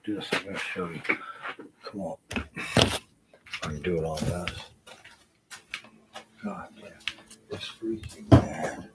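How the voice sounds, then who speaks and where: A man's voice: low-pitched, fairly even intonation, slow, pauses often, heavy background noise. A man ranting in his home kitchen into a handheld phone, agitated and profane, rambling and trailing off into mutters. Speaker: vlogger. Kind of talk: unscripted rant to camera.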